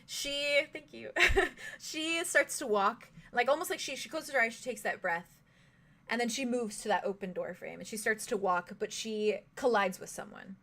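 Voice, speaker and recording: A young woman narrating as game master in a tabletop game, halting, with many fillers and giggles. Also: on the high side, fairly bright tone.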